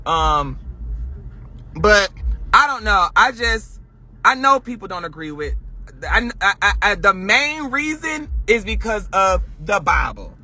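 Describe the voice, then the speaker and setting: Very high-voiced man ranting heatedly. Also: big pitch swings, slow pace, pushed and bright. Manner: emotional, profane, passionate. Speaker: livestreamer. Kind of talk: casual heated rant on a live stream. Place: in a car. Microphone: phone.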